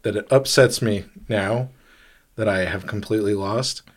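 A man's voice: fairly low pitch, moderate pace. A man co-hosting a podcast in casual chat, rambling and restarting his sentences often. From grew up overseas. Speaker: podcast co-host.

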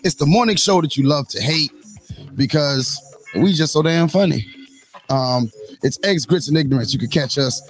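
A man's voice: on the high side, moderate pace, soft background music. Upbeat man hosting a morning show. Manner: hypes up intros, laughs often. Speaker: host. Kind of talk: casual morning show banter.

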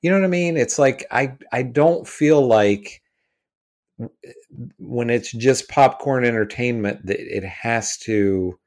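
A man's voice: mid-range voice, slow, darkish tone. A man co-hosting a podcast, talking films in a rambling, hedging way with many restarts. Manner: rambling, hedging, restarts, keeps asking "you know what I mean". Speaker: podcast co-host. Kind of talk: casual film discussion.

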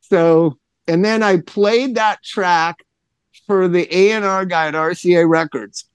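A middle-aged man co-hosting a podcast, telling a long story in casual chat and acting out the quotes in a lowered voice. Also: unhurried, smooth, dry recording. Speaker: podcast co-host.

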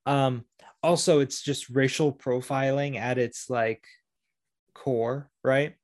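A man co-hosting a casual chat, joking and relaxed. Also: medium pitch, slow, no room sound, clean studio sound. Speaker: podcast co-host.

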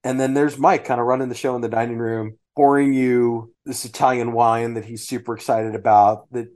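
A man's voice: mid-range voice, a little fast. A man hosting a podcast, chatting casually and listing dishes with frequent restarts. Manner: relaxed, restarts phrases while listing dishes. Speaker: podcast host. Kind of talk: casual chat.

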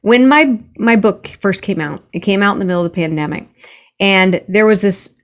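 A woman's voice: medium pitch, animated, normal speed. An earnest woman author telling stories as a guest, often restarting her sentences. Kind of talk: conversational interview.

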